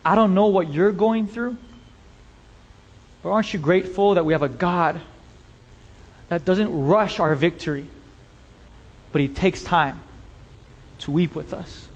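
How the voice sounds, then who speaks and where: Male pastor, high voice, slow deliberate delivery, impassioned sermon, long hall reverb. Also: highs cut off. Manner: impassioned, addresses the congregation directly. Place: church sanctuary.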